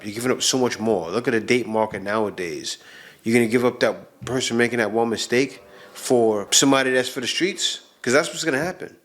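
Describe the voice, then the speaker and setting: A man's voice: mid-range voice, brisk, fairly bright tone. Emphatic man reacting to clips. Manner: emphatic, repeats himself. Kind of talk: casual commentary.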